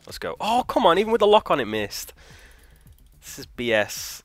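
A man hosting a let's play, thinking aloud, trailing off, swearing and shouting in frustration as he plays. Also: mid-range voice, wildly swooping pitch, normal speed, long pauses. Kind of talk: live gameplay commentary.

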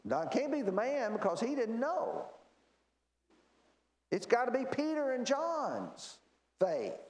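A man's voice: very high-pitched, sing-song, slow, darkish tone. A man teaching a Bible class in a church, explaining verses and asking the class rhetorical questions. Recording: echoey church room.

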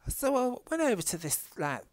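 A gaming vlogger with a Northern English accent chats casually and swears freely, telling a story while he plays a game. His voice is very high and very animated, at a moderate pace, with no room sound.

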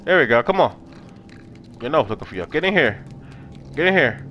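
Young male gaming host, loose casual commentary, excitable and swearing, voice a touch high. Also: normal speed, a little hiss or hum. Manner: excitable, yells and swears when startled. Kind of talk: casual let's play commentary.

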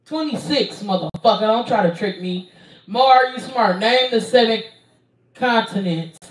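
A woman's voice: on the high side, unhurried. Profane woman streamer, roomy and distant. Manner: profane, blunt, hesitant with frequent ums. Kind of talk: casual live-stream Q&A. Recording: roomy sound, distant from mic.

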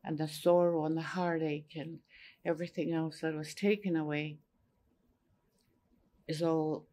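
Gentle older Cree-speaking woman storyteller. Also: low-pitched, steady tone. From Saskatchewan, Canada. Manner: gentle, unhurried, repeats phrases. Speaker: elder. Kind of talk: personal storytelling at a panel.

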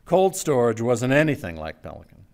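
A man giving a live literary reading of a story, in a measured storytelling manner that drops low and quiet for tense moments. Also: wildly swooping pitch, creaky. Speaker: writer reading his own story. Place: stage before a live audience.

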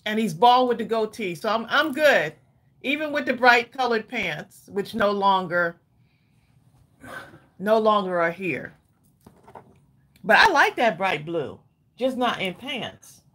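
A woman's voice: medium pitch, lively intonation, takes it slowly, pauses often, a bit bright. A woman hosting a live crafting tutorial, chatty and laughing as she talks straight to her viewers. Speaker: craft livestream host.

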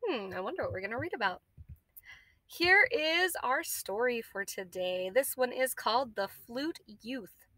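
A woman teacher leading a guided reading lesson for children, spelling words out slowly letter by letter and encouraging her class. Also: a little high, lively intonation, pushed and bright, no echo. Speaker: elementary school teacher.

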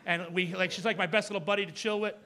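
A man in his forties doing a stand-up set on a club stage, loud and ranting with mocking asides. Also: high-pitched, fairly even intonation, fast. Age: 40s. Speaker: stand-up comedian. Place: comedy club stage with audience. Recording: live club recording with faint crowd.

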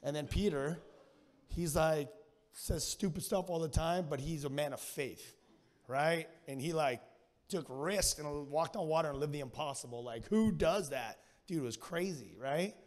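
Man, guest preacher, high-ish voice, slangy and energetic, long church hall echo. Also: unhurried. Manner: energetic, slangy, animated storytelling. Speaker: guest speaker. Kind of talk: sermon. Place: church sanctuary.

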